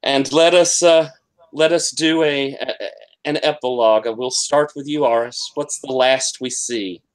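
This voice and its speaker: Slow halting gm guy narrating a tabletop game, lots of uh's. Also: medium pitch, fairly even intonation. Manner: halting, with many fillers and restarts. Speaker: game master.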